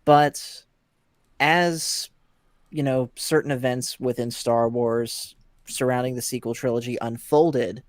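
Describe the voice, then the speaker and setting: A man who runs a YouTube channel, earnestly explaining how he got started, in a steady casual way. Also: medium pitch, takes it slowly, no echo. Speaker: YouTube channel creator, guest. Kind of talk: casual live-stream storytelling.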